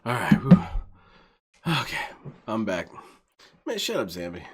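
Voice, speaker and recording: A man streaming a video game, chatting, laughing a lot and rambling excitably. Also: fairly low pitch, unhurried, husky. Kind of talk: let's play commentary.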